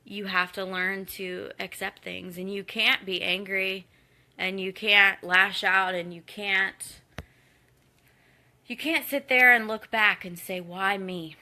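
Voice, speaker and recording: A woman in her thirties, a guest speaker in a live Q&A, talks candidly and earnestly to an online community. Her medium-pitched voice is bright and forceful, with fairly even intonation and a slow pace. She sounds encouraging and conversational, using occasional fillers.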